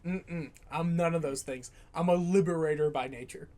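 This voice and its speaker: A man's voice: a little high, normal speed, dark tone. A young man reacting to anime, chatting casually, joking brashly and swearing a lot.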